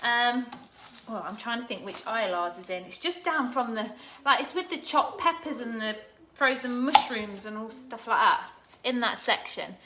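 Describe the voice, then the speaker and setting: A woman's voice: a little high, animated, moderate pace, very noisy. Chatty woman vlogging from her kitchen. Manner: chatty, laughs often, talks to live viewers. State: teary from chopping onions. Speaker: cooking vlogger. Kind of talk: casual live cooking chat. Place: home kitchen.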